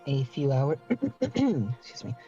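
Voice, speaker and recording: A man running a tabletop game as game master, joking and excitable, quick to curse. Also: medium pitch. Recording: dull lo-fi recording with faint music.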